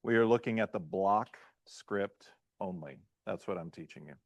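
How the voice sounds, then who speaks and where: A man with a fairly low voice speaks at a normal pace in a dry recording. He is a pastor teaching a beginners' language class, quizzing his students during the lesson and checking in with "right?" and "okay?" as he goes.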